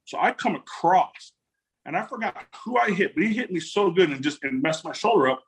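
A high-pitched, expressive, slightly rough voice moves at a brisk clip. The speaker, a former football player in his forties, is a guest in a casual storytelling interview, recounting tales with animation, acting out quotes, and often laughing.

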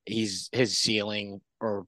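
A man's voice: on the low side, little pitch movement, slow, a bit bright, no echo. Tentative man guest, dry close sound. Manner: tentative, questioning, hedging. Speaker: podcast guest. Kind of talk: casual sports chat.

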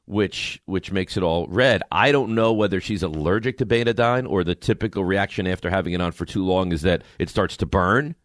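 A middle-aged man hosting a radio show, telling stories in animated, exasperated, wry banter. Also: sits low, fairly quick, few pauses, no echo, studio quality. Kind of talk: casual morning radio banter. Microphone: studio microphone.

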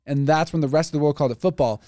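A man's voice: fairly high pitch, rapid-fire, mellow, dry recording, studio quality. A man co-hosting a casual podcast chat, rambling and thinking aloud with fillers. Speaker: podcast co-host.

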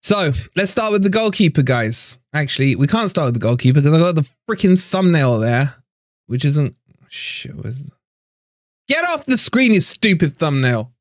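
Fan stream host, man, annoyed and sweary, higher voice, dry close mic. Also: sing-song, moderate pace, dry recording. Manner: frustrated, swearing, repeats himself. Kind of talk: live stream rant.

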